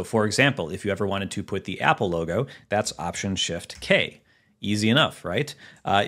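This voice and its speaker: A man with a somewhat low voice hosts a relaxed computer tutorial. He talks his way through each shortcut as he demonstrates it on screen, casual and chatty, with plenty of fillers. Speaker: tech tutorial host.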